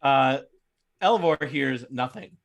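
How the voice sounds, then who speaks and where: Gravelly game master narrating a tabletop game. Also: male voice, medium pitch, takes it slowly. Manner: laughing often, loose and chatty.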